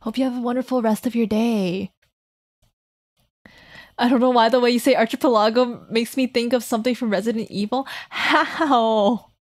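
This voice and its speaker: Giggly high-voiced woman streamer. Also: fairly even intonation, moderate pace. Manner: giggly, teasing chat, laughs often. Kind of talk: casual live stream chat.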